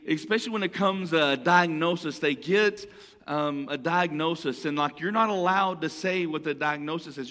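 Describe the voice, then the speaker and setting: Male pastor with a slightly high voice, chatty sermon delivery with repeated phrases, long hall reverb. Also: fairly bright tone. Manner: conversational preaching, repeats phrases and restarts.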